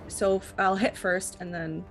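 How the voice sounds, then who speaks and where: A woman at the table in a tabletop role-playing game, talking her turn through with plenty of ums and pauses. Her voice sits at a middle pitch, with faint music playing in the background. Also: level tone. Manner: hesitant, many fillers while checking rules. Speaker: player.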